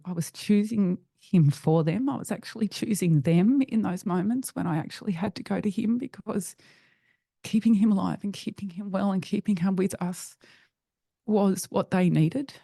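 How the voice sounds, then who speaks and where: A middle-aged woman, a podcast guest, telling a personal story in an earnest, halting way with frequent restarts. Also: mid-range voice, gravelly, mellow, no room sound, clean studio sound.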